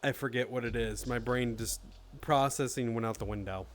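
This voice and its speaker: A man's voice: mid-range voice, normal speed. A man in his thirties chatting casually on a live stream, swearing freely and answering chat.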